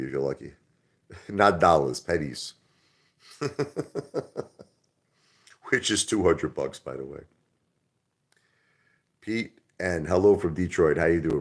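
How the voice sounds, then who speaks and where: Deep-voiced man rambling on a livestream. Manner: rambling, street-talking, calls people brother. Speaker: livestream host. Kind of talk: casual livestream chat with viewers.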